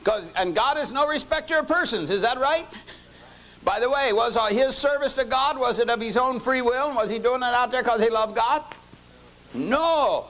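A man's voice: extremely high pitch, moderate pace, fairly bright tone. An older man teaching a lecture-style sermon, folksy, often quizzing his listeners with questions. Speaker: lay teacher.

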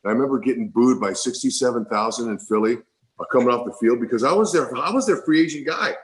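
A middle-aged man tells an emotional story in a rambling, heartfelt way, often circling back and repeating words. His pitch sits in an ordinary middle range. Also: quick pace, low-quality recording. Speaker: former baseball player, guest.

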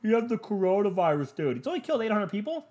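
A man putting on a high, mocking voice to play a dismissive know-it-all guy, recorded close on a handheld mic. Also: sing-song, fast talker, a little mellow.

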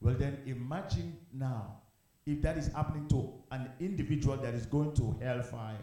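A man's voice: mid-range voice, normal speed, mellow. Fervent male pastor in an echoey church. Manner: fervent, repetitive preaching with rhetorical questions. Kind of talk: sermon. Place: empty church.

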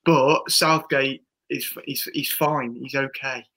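Bloke on a football podcast, bright voice, rambly, keeps restarting. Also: male voice, medium pitch, steady tone, slow pace, rough recording. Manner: rambling, restarts often, opinionated. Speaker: podcast co-host. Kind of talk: casual football chat.

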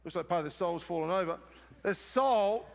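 Australian male pastor, high voice, live sermon in a reverberant church hall. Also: lively intonation, moderate pace, creaky. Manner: emphatic repetition, asks the congregation questions.

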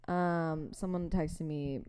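A woman's voice: low-pitched, steady tone, slow pace, dark tone, smooth. Giggly young woman podcast host. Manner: giggly, playful, apologetic. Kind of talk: casual chat.

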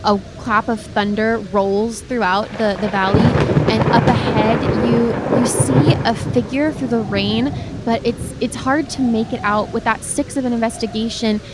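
Higher-voiced woman narrating as game master. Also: steady tone, measured pace, very noisy. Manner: descriptive, with frequent restarts and addressing the player by name.

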